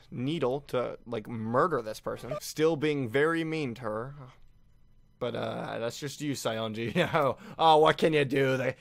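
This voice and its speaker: A man giving casual reaction commentary on an anime finale, excitable and often laughing. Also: mid-range voice, no room sound, studio quality. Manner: excitable, laughing, with frequent restarts.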